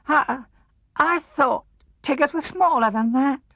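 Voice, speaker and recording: Tiny nervous piglet, very high and squeaky, stumbling on words; muffled dry LP sound. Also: male voice, slow pace, vocal fry, dry recording, exaggerated voice. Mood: timid. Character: very small, timid male piglet. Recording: dull, dry 1970s LP studio recording.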